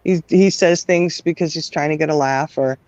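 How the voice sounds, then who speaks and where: A woman's voice: sits low, moderate pace, darkish tone, dry recording. Rambling, laughing woman on muffled audio. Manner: rambling, full of "you know", laughs often. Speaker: guest parent of twelve children. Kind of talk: casual conversational interview.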